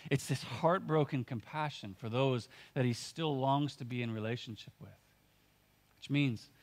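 A man preaching a sermon as pastor, earnest and conversational, often using filler words and restarting his sentences. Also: on the low side.

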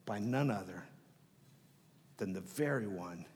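A man preaching a sermon as pastor, dramatic, dropping to hushed whispers and swelling loud, often repeating words as he restarts phrases. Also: lowish voice, lively intonation, measured pace, pauses often, a little hiss or hum. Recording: long hall reverb.

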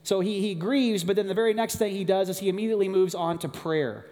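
A middle-aged man preaching a sermon, telling a family story with animated moments, then turning hushed and earnest. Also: high-pitched, quick pace. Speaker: pastor. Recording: long hall reverb.

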